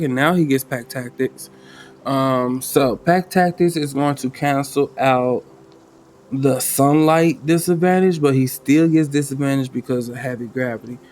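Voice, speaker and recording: A man running a solo tabletop game as game master, talking loosely in slang and thinking out loud. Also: mid-range voice. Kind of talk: casual tabletop game narration.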